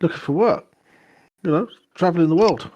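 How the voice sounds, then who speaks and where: A man's voice: sits high, a little fast, a little mellow. A man playing a tabletop game, chatting casually and talking in character. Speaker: player. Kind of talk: casual play and in-character talk.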